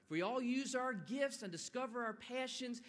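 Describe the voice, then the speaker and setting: A man giving a motivational speech at a public event, animated and now and then bursting into loud quoted lines. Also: very high-pitched, moderate pace. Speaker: event speaker. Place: large stone atrium. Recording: long echo of a large hall.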